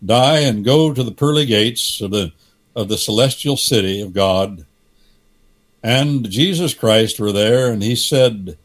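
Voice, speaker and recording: A man preaching as a guest on a radio show, speaking deliberately and telling parables in which he acts out the characters' voices. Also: on the low side. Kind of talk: preaching-style radio talk.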